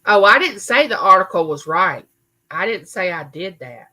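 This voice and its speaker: A woman's voice: mid-range voice, expressive, normal speed, sharp tone, low-quality recording. A woman hosting a casual live chat from her home recording room, reading viewer comments aloud and answering people by name. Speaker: livestream host.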